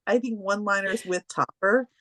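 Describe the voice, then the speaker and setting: A woman's voice: mid-range voice, normal speed, no echo. A woman co-hosting a podcast, chatting casually and rambling through stories. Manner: chatty, rambling, with many fillers. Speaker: podcast co-host. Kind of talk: casual chat.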